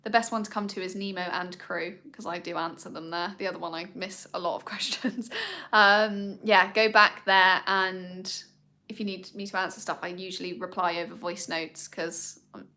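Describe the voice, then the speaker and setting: A woman hosting a live Q&A about her dogs chats casually with viewers in a steady, bright, forceful voice at a moderate pace. She rambles, saying um a lot, and coos at her dogs in a high voice during the live-stream chat.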